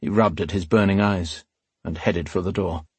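A man reads a fantasy novel aloud at a measured, steady pace. His voice sits low with a husky grain. The recording is dry and close, with no room sound. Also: no echo. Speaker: audiobook narrator. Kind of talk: scripted fantasy narration.

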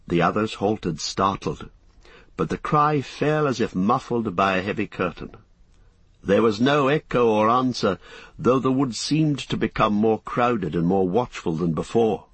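Guy reading an audiobook, husky voice, dry close sound. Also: fairly low pitch, expressive, a bit bright, no room sound. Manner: measured, descriptive reading. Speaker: narrator. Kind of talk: audiobook narration.

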